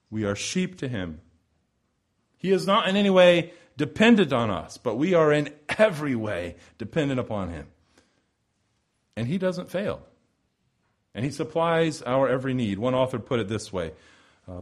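A man delivers a sermon at a middle pitch, unhurried and rhetorical. He repeats key phrases and lets them build in weight before easing back down. The delivery is that of a practiced preacher addressing a congregation. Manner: measured, rhetorical, with repeated phrases and swells of emphasis.

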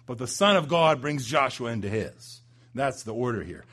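A man preaching a sermon, building to loud emphatic peaks and dropping low and slow for weight. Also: expressive. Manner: dramatic swings in pitch and loudness, slows for emphasis.

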